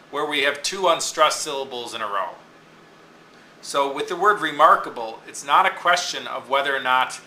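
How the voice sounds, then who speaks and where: Bright-voiced man teaching in an echoey room. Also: medium pitch, slight background noise. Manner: patient, explains step by step, checks in with "okay?". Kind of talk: classroom lecture on poetic meter.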